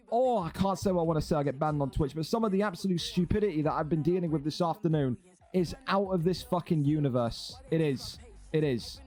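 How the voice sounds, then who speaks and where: A man's voice: sits high, darkish tone. An exasperated, sarcastic man, ranting and swearing as a streaming league host. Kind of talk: ranting livestream commentary.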